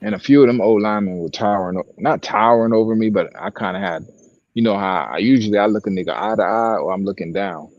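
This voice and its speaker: Speaking quickly in a lowish voice, the co-host, also a sideline broadcaster, delivers a long, profane podcast story in casual conversation. There's no echo but the recording is muffled, and he animates it with acted quotes.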